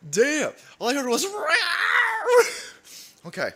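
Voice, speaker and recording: Dude doing a livestream from his house, pretty high voice, goes all over the place, laughs a lot and swears. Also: expressive, moderate pace, fairly bright tone. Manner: rambling, loose and crude, laughing often. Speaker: livestream show host. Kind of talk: casual profane live-stream chat. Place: at home.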